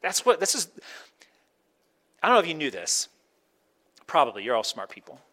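Bright-voiced preacher, playful and animated. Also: male voice, a little high, moderate pace. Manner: conversational, acts out quoted voices. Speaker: pastor. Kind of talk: sermon.

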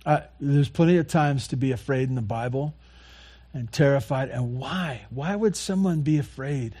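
A man preaching a sermon, earnestly repeating key phrases and moving between quiet, soft lines and louder passages. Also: mid-range voice, normal speed, husky. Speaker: pastor.

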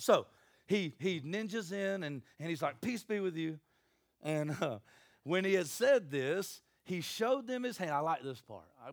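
A man's voice: on the high side, dry recording, studio quality. A man preaching a sermon, folksy and joking, acting out Bible scenes in little voices. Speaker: pastor.

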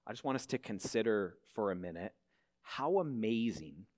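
A man's voice: lowish voice, lively intonation, normal speed, a little mellow. A man pastor preaching a sermon in a church, earnestly asking his listeners questions. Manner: earnest, asks the congregation many questions. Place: church hall.

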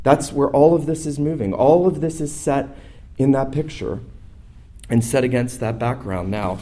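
A man pastor preaching a sermon, speaking in rhythmic repeated lists and building from quiet to loud, emphatic passages. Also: mid-range voice, normal speed.

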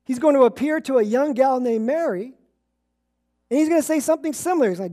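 A woman preaching a relaxed, conversational sermon, telling stories and chuckling as she acts out the people in them. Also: sits high, quick pace. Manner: storytelling, acts out quoted voices, chuckles.

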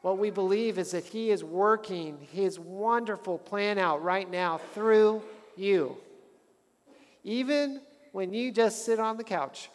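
A man preaching a sermon as a pastor, animated and calling the congregation to say lines back to him. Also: high voice. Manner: animated, calls the congregation to respond. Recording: long hall reverb.

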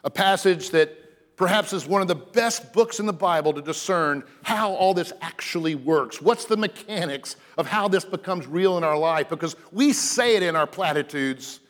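A man preaching a sermon as pastor, earnest and emphatic, sometimes dropping to a hushed, soft delivery. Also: fairly high pitch, expressive, normal speed. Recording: long reverb of a large hall.

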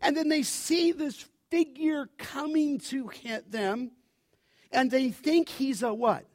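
A man preaching a sermon as pastor, animated, often asking his listeners to finish his sentences. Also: extremely high pitch, slow pace, no echo, studio quality. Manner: animated preaching, asks the congregation to fill in words.

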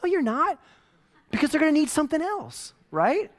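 Animated high-voiced male pastor. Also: moderate pace. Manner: animated and joking, with mock-quoted asides. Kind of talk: conversational sermon. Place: church.

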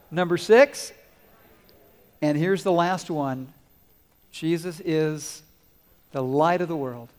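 A man giving a children's sermon, asking the kids questions and telling stories, growing loud at the climaxes. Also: high-pitched. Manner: asks the kids questions and waits for answers; animated storyteller, swells loud on climaxes. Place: church sanctuary. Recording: long hall reverb.

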